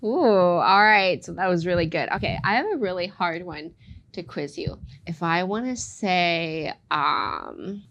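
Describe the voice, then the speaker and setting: A woman teaching a casual language lesson, playful, modeling phrases slowly and clearly. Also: lowish voice, a bit bright, dull audio.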